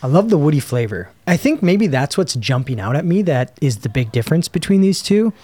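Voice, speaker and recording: A man's voice: on the high side, sing-song, brisk, dark tone, no room sound. Laid-back man chatting casually. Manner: laid-back, rambling with lots of fillers. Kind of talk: casual chat.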